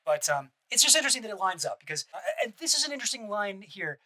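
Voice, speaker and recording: A man gives casual reaction commentary on a stream at a rapid clip. His voice is high and bright with an edge. He rambles, restarts sentences and swears bluntly. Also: very animated, poor audio.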